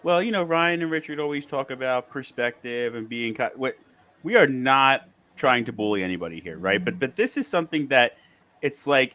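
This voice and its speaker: A podcast host with a bright, sharp voice makes his points emphatically and somewhat apologetically. His voice is recorded dry and close, with no room sound. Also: mid-range voice, no room sound. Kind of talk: casual chat.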